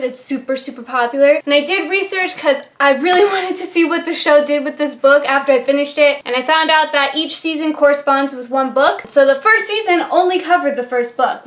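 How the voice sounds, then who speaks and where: A woman's voice: sits high, fairly bright tone, roomy sound. A woman giving a casual, enthusiastic book and TV review, gushing about what she loved.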